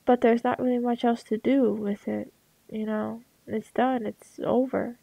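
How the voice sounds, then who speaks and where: Young woman, art vlogger, gravelly crackly voice, slightly high, dry headset sound, rambling casual delivery. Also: level tone, unhurried, warm tone, dry recording. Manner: rambling, many fillers and restarts. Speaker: artist vlogger. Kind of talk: rambling casual talk over a drawing.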